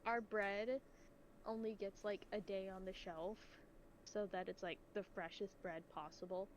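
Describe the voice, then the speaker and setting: A woman's voice: medium pitch, steady tone, measured pace, slight background noise, low-quality recording. A woman telling a casual, exasperated story about her bakery job, full of likes and ums. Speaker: bakery worker telling stories.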